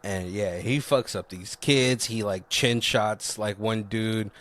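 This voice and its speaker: A man's voice: fairly low pitch, fairly even intonation, slow pace, fairly bright tone. A man co-hosting a casual movie review podcast, retelling scenes with loose impressions and laughing often. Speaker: podcast co-host.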